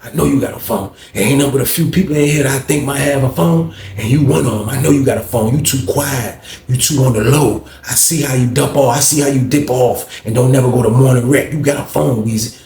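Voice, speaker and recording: A man putting on an older male inmate, an easygoing old head who keeps his voice low and quiet. He speaks hushed and steady, as if guarding a secret, and a roomy echo hangs around him. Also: brisk, creaky, hardly any pauses, close to an everyday voice. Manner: low hushed talk so nobody overhears.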